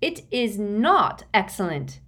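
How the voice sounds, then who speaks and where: Cast: bossy teen schoolgirl witch, high and sharp, scolding, read by a woman narrator. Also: sing-song, slow, heavily acted. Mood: indignant.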